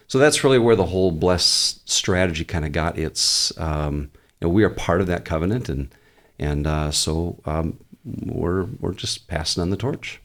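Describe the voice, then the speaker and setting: A male pastor with a notably low voice, talking in a relaxed podcast interview. He thinks aloud and circles back to restart his points. He keeps an earnest, conversational tone and lets some easy humor in. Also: moderate pace, hardly any pauses. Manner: earnest, explains at length with frequent restarts.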